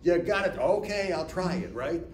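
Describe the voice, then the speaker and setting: A man's voice: high-pitched, lively intonation, normal speed, a little mellow, a little hiss or hum. Older man telling stories in an echoey room. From Northeast Ohio, USA. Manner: chatty storyteller, acts out dialogue, keeps asking "right?". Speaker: guest speaker at a business lunch talk. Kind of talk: storytelling business talk. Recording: echoey room, mic from far off.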